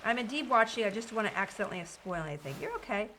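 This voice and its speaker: Woman game streamer, lively and bright, casual talk to viewers while she plays. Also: medium pitch, very fast, a little hiss or hum. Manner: chatty, reads game dialogue aloud, greets chat viewers. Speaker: streamer playing a video game. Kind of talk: casual live-stream chat.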